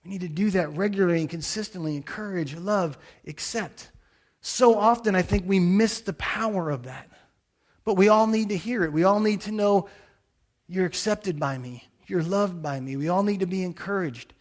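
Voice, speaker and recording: Man, middle-aged, pastor, sermon, earnest storytelling, high voice. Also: normal speed. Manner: earnest storytelling with quoted blessings.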